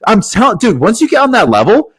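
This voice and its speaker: A young man co-hosting a casual podcast, talking excitedly and swearing often, with "dude" in every other sentence. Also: sits high, quick pace, breathy edge. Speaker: podcast co-host.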